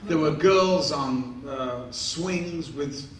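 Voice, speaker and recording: Speaking very slowly in a fairly high voice, a man in his sixties shares rambling, amused anecdotes with a live convention audience and acts out the quotes. The setting is a live Q&A storytelling session in a large convention hall. The audio is echoey, taken from a distant mic with faint noise.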